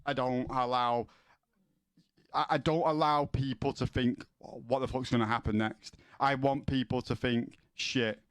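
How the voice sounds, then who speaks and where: A man's voice: medium pitch, steady tone, measured pace, clean tone, dry recording, studio quality. A man streaming from home, chatting casually with his viewers, rambling and swearing, often stumbling as he starts a sentence. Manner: sweary, rambling, repeats words when starting.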